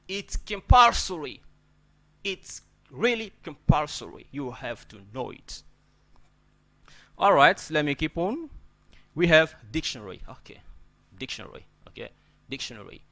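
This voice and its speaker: A man's voice: a little high, lively intonation, measured pace, sharp tone. A man teaching an English pronunciation lesson, repeating words and checking in with "okay?" after nearly every point.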